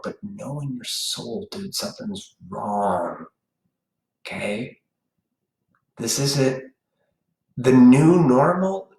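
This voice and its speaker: A man's voice: mid-range voice, a little mellow, echoey room, poor audio. A man hosting a live stream, delivering a blunt, profane, preachy ranting monologue.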